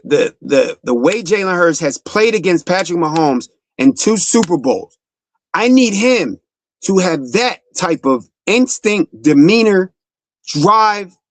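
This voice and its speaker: A man's voice: high-pitched, no echo. A young man hosting a sports talk show, delivering a fired-up, profane monologue that speaks straight to the player.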